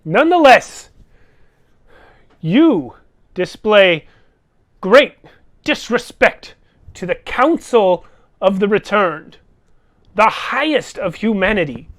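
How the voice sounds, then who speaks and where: A man's voice: sits high, big pitch swings, takes it slowly, long pauses, a bit bright, pitched above the performer's own voice, heavily acted. A man voicing a haughty, sarcastic older woman who leads a council in a tabletop game. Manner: sarcastic, clipped and imperious.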